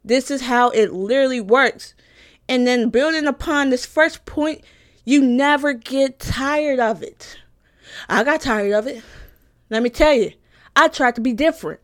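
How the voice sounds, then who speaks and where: A young woman giving an emphatic, satirical personal monologue, repeating lines for punch and swearing freely. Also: a little high. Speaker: comedic commentator.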